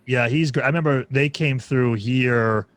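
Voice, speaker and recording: A man hosting a casual music podcast, rambling as he works through his thoughts. His voice sits at an ordinary middle pitch. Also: moderate pace, dry recording. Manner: rambling, full of restarts and fillers. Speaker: podcast host.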